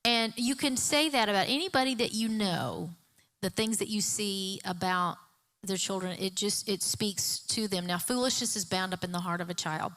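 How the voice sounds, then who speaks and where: A woman pastor with a Southern US accent preaches in an earnest, folksy way, slipping in quick asides. Her voice is bright and clear and sits in a middle range. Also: mid-range voice. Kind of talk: sermon.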